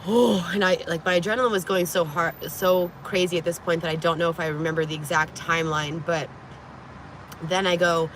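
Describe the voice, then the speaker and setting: A woman vlogger telling a personal story to camera in a casual, animated way, frank and profane, with many "like"s, from inside a vehicle. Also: on the low side, a little fast, a little hiss or hum.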